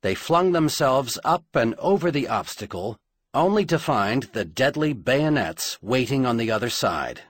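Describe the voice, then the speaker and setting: Husky man narrating an audiobook. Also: mid-range voice, sing-song, no echo. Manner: dramatic, measured storytelling.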